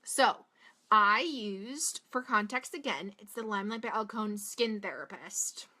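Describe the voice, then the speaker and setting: A young woman with a Boston-area accent and a bright, forward voice talks through a makeup tutorial. She is casual and chatty, full of "like" and side tangents, and her pitch sits right in the middle. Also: expressive, measured pace. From Massachusetts, USA. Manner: chatty, rambling, frequent "like" and tangents. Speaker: beauty vlogger.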